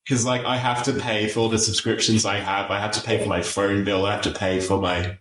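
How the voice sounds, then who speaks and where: Low-voiced man, laid-back chat. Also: level tone, brisk, a bit bright, roomy sound, poor audio. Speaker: guest. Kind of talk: casual chat.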